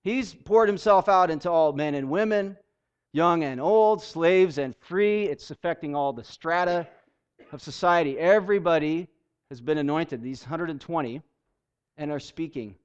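A man's voice: on the high side, moderate pace, clean tone. A man giving a conversational bible teaching, chatty, with restarts and laughing asides. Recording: dull lo-fi recording.

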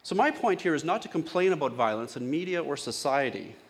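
A man's voice: a little high, very animated, a little fast. A male pastor giving a sermon in a casual, conversational way, often asking his congregation questions.

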